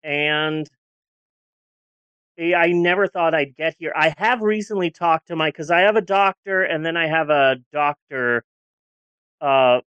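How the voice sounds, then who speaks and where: A woman's voice: sits low, measured pace, long pauses, a bit bright, smooth, dry recording, highs cut off. Candid woman in her forties, dry sound. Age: 40s. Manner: candid, rambling, with frequent restarts. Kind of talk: casual podcast chat.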